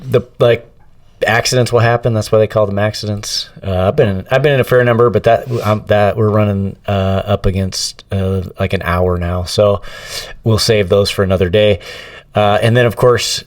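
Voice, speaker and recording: A man hosting a casual family podcast, easygoing and halting with fillers. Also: fairly low pitch, fairly even intonation, dry recording, distant mic. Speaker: podcast host.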